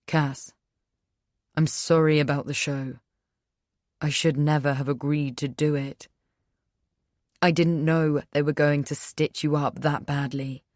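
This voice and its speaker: A woman's voice: deep voice, flat delivery, a little slow, pauses often, a little mellow, no echo, clean studio sound. A woman voicing a hurt young man who pleads and turns sarcastic, in an audiobook reading. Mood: apologetic.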